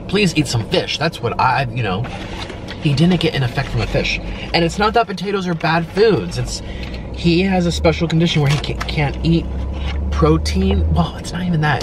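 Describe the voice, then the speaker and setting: A man's voice: a little high, background noise. A man talking emotionally and at length while eating on camera, rambling and filling his speech with "like". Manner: rambling and emotional, heavy use of "like". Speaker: mukbang video creator.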